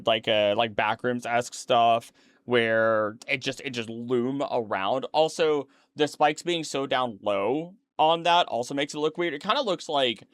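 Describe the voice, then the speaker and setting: His mid-range voice has a fairly bright tone, recorded close and dry with no room sound. Tired and yawning late at night, this streamer rambles casually through his reaction to a documentary, self-correcting and drifting into chatty asides.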